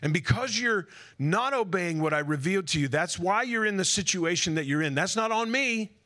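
A man's voice: high-pitched, lively intonation, moderate pace, bright, forceful tone, voice pushed up. A man voicing God as a stern but patient fatherly figure, scolding someone by name for not obeying. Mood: chiding.

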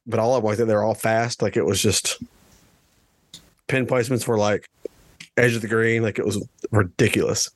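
A man's voice: fairly low pitch, steady tone, normal speed, pauses often, dry recording. Casting: male podcast co-host, casual rambling storyteller, laughs easily, dry close sound. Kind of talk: casual chat.

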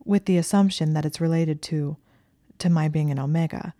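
A woman reading the part of a nervous young woman student who sounds flustered and strained, in a low, mellow, dry voice. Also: normal speed, dry recording, lightly acted. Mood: anxious, pleading. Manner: flustered, strained and shrill at times.

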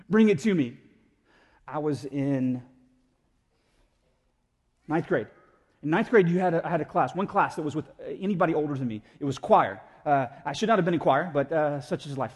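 Animated man preaching in an echoey hall. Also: fairly high pitch, normal speed. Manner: animated, conversational, acts out voices. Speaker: pastor. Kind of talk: sermon. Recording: echoey hall with long reverb.

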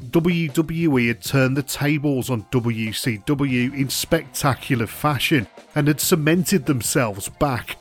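A man's voice: medium pitch, slow pace, hardly any pauses, faint music behind. Man narrating a wrestling retrospective.

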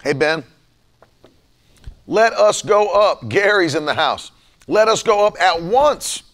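A man's voice: high voice, expressive, slow, fairly bright tone. A man preaching a livestreamed sermon, fervently repeating lines with rising emphasis.

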